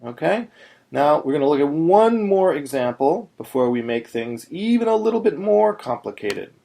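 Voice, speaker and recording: A man teaching Torah chanting in a video lesson, explaining step by step and chanting slow demonstrations. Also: mid-range voice, creaky, warm tone.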